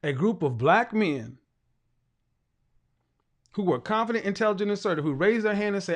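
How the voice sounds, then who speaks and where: A man's voice: high-pitched, animated, moderate pace, pauses often. A middle-aged man hosting a talk show, giving an emphatic lecturing monologue and repeating his points for weight.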